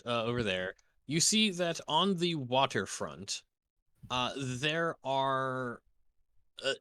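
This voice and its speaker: A man narrating as game master in a tabletop role-playing game, halting and correcting himself often. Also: a little high, bright, forceful tone, clear, resonant tone, no echo. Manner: halting, full of ums and self-corrections.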